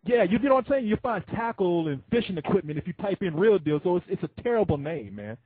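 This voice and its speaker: A man's voice: sits high, very animated, fast talker, husky, dry recording. A man hosting a call-in show, chatting loosely and joking with callers, swearing freely. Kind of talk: casual call-in chat. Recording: tinny phone-line sound.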